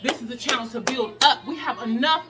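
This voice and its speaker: Brief: emphatic, breathless woman hosting a workout vlog, high-pitched, recorded at a distance over clear music. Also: brisk. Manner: sassy, preachy, emphatic, laughs often. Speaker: plus-size fitness vlogger. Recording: distant mic with music behind.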